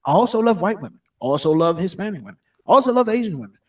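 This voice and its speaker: Animated high-voiced man, set back from the mic. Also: very fast, recorded from a distance. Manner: defensive, animated, profane. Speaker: podcast co-host. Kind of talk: heated casual banter.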